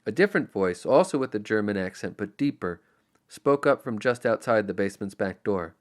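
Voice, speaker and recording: A man narrating an audiobook in an expressive, storytelling manner. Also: lowish voice, a little fast. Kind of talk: scripted narration.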